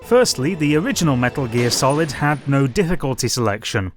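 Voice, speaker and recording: Man, young adult, scripted review narration, dry and wry, mid-pitched voice, faint music underneath. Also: lively intonation, brisk. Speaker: game reviewer. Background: faint background music.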